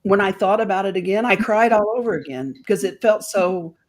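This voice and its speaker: A woman guest on a talk show, telling a personal story. She is animated and emotional and acts out the voices of the people in it. Her pitch sits at an ordinary middle height. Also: fairly quick.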